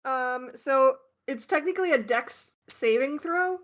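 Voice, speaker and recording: A woman with a bright, clear, fairly high voice plays a tabletop game. She talks her way through her turns haltingly, leaning on fillers as she thinks out loud. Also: expressive. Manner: hesitant, filler-heavy speech. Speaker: player.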